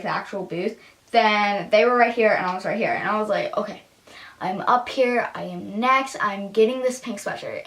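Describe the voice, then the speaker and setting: A teenage girl telling a story to camera in a chatty vlog, filling her talk with "like" and acting out what people said. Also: mid-range voice. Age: teens. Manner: chatty, lots of "like", acts out quotes. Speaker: vlogger. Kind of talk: casual storytime.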